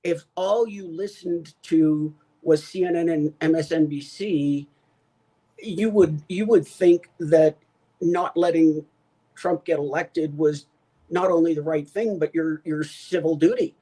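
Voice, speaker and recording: Co-host guy on a politics show, kinda high voice, lots of ums and uhs. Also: unhurried, warm tone, poor audio. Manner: hesitant, filler-heavy. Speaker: podcast co-host. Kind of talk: casual political chat.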